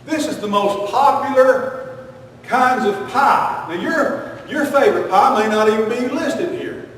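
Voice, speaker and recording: A man's voice: extremely high pitch, a little slow, a bit bright, slight background noise. A man preaching a folksy, joking sermon full of homespun sayings. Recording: echoey hall, distant mic.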